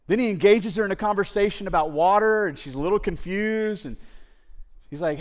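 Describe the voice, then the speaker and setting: Animated man preaching a sermon. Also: high voice, a little fast, in a large hall. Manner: animated storytelling that acts out quoted dialogue.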